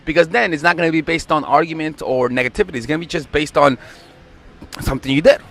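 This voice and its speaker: A man's voice: on the high side, fairly even intonation, fast talker, vocal fry, fairly bright tone. Profane, emphatic young male dating coach. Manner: profane, emphatic, acts out quotes. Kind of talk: blunt dating advice monologue.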